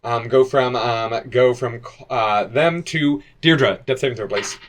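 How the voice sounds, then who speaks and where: A man narrating as game master, halting and restarting often, with sudden shouted character lines. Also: medium pitch.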